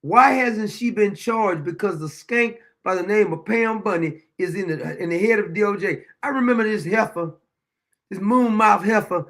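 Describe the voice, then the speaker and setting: A man's voice: sits high, moderate pace, a bit bright. A man hosting a talk show, ranting bluntly and profanely in heated political commentary. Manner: talks back to his own clips.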